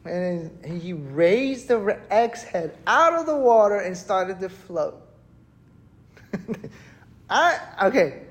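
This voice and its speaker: A preacher gives a relaxed, conversational sermon at an unhurried pace. The delivery is animated and talky, and the speaker keeps turning to the listeners for agreement. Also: mid-range voice. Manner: animated, chatty, keeps asking "right?". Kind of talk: casual conversational sermon storytelling. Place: church worship service.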